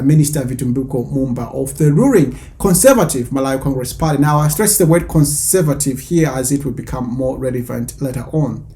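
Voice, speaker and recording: A man hosting an online news commentary show, explaining events in a measured way with some fillers. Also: medium pitch, mellow.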